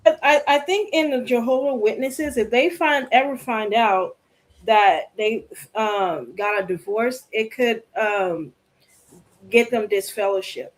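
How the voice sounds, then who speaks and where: A woman's voice: on the high side, slow pace. A woman on a talk panel giving her opinion in a rambling way with lots of fillers. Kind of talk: casual panel chat.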